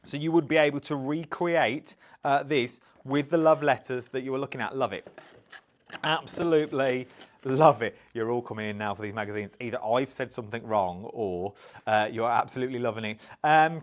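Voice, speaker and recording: British man, shopping channel host, chatty, upbeat, mid-pitched voice. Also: moderate pace. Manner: chatty, upbeat, reads out viewer comments. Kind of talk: live craft shopping show.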